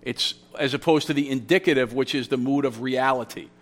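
A man's voice: medium pitch, normal speed, few pauses. Man preaching a teaching sermon. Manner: teaching, explaining Greek grammar with repeated phrases; conversational storytelling with restarts. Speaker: pastor. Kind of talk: expository sermon.

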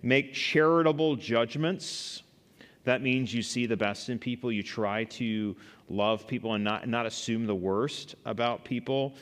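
A man's voice: medium pitch, unhurried, a bit bright, long reverb tail. A man teaching a church Bible study class, conversational, asking the group questions and answering them himself. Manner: conversational, asks the class questions, many fillers.

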